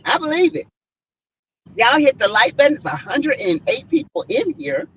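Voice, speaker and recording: In slightly muffled, lo-fi stream audio with a little background noise, a Southern woman hosts a relaxed live stream. Her high voice is sing-song at a moderate pace, and she chats freely with "y'all" and "mm-mm" asides to her viewers.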